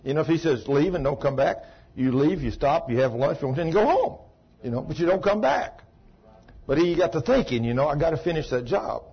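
A man preaching a sermon, telling a long story. He swings from ecstatic shouts down to a low, chatty retelling. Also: animated, brisk, few pauses, slightly rough. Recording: dull lo-fi recording.

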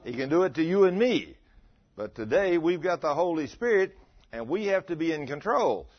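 Preacher guy, 50s, kinda husky, acting out his stories in a sermon, dull lo-fi sound. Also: high-pitched. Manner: lively, acts out dialogue in his stories. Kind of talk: storytelling sermon. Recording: dull lo-fi recording.

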